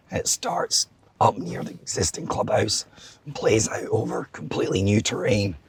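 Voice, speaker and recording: Hoarse gravelly man, voice nearly gone. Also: fairly low pitch, distant mic. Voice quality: gravelly, strained. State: lost his voice, hoarse. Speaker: golf course architect. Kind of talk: casual chat.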